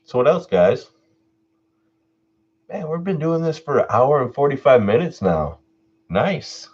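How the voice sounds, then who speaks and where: A man hosting his own live stream Q&A, telling a personal story in a laid-back way, swearing freely and getting animated when he retells what people said. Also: medium pitch, measured pace, husky, dull audio. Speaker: channel host doing a live stream Q&A.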